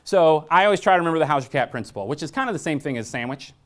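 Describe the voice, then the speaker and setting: A blunt, joking man giving a staff training talk. His pitch swings in a lively way as he tells stories. He keeps asking the audience questions. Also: rapid-fire. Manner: asks the audience frequent questions. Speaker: workshop presenter.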